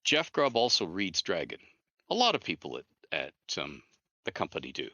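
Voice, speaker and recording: A male guest tells stories in a lively, swooping voice with a bright, forceful edge. His pitch sits a little low, and the sound is close and dry. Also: moderate pace, no echo, highs cut off. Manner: animated storyteller who acts out dialogue. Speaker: guest, author and game designer. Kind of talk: interview storytelling.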